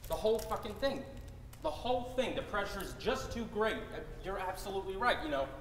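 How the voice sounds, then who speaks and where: A man's voice: high-pitched, animated, fairly quick. A man playing a crude, ranting salesman. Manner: coarse, swearing rant. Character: crude, bitter male salesman, scornful and ranting. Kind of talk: live stage acting. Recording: echoey hall, faint noise.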